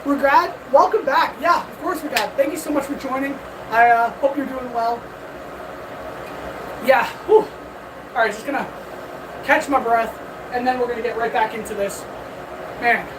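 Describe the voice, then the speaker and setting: A woman blacksmith chats casually on a live stream as she forges, upbeat and greeting viewers while out of breath from hammering. Her high voice moves at a moderate pace with frequent pauses. The mic is distant, with loud forge noise.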